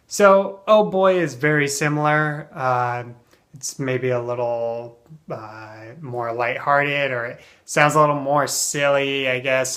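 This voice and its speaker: A man teaching an English phrase in a relaxed, casual way, with plenty of ums and uhs, acting out example sentences with strong emphasis. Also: medium pitch, measured pace. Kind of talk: casual spoken lesson.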